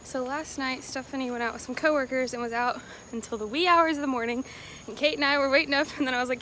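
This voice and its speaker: Bubbly high-voiced young woman vlogging. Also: quick pace, a bit bright, a little hiss or hum. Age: young adult. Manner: bubbly, gushing, lots of fillers. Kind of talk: casual vlog chat.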